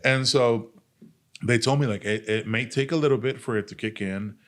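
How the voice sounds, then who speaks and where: A man's voice: mid-range voice, moderate pace, fairly bright tone. A man, an army veteran and podcast guest, telling his story in a casual, candid way, blunt and profane, full of "like" and "dude". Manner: earnest, speaks openly about pain and recovery.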